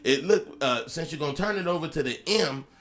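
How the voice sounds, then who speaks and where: Profane rambling comedian doing mock news. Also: male voice, on the high side, animated, brisk, a bit bright. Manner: rambling, profane, lots of "uh" fillers, chuckles between lines. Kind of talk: improvised comic news monologue. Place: Las Vegas.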